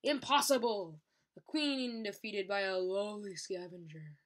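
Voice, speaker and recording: A woman's voice: mid-range voice, a little slow, lightly acted. Sunny, a small young dragon, as a woman reads her. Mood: playful pompous. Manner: mock-grand, playful. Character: small eager young female dragon playing queen.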